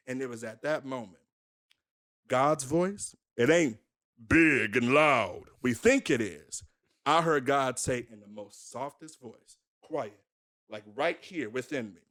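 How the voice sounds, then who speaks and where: A man's voice: medium pitch, unhurried, fairly bright tone. A young man, a minister, telling his life story candidly in an interview, emphatic and full of rhetorical questions.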